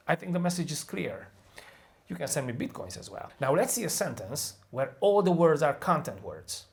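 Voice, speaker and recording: A man's voice: fairly high pitch, very animated, vocal fry. A man with an American accent teaching pronunciation in an online English lesson, joking crudely and stretching out stressed example words. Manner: playful, crude jokes, slow drawn-out stressing of example words.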